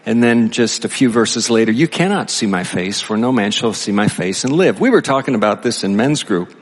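A male pastor preaching a conversational sermon, reading scripture slowly between animated, chatty asides. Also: on the low side, long reverb tail. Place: church sanctuary.

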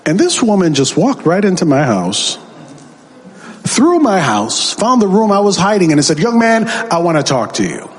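A man with a fairly high voice preaches his testimony like a story, acting out the people he quotes. He builds to emphatic, ringing peaks. His voice carries a long reverb from a large hall. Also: wildly swooping pitch, moderate pace. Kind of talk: sermon testimony.

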